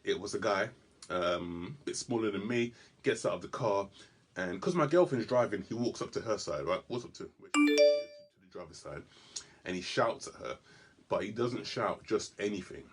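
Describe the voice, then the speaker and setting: A man telling a stand-up story in a comedy club, animated and given to sudden loud bursts and stammered restarts. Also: lowish voice, normal speed.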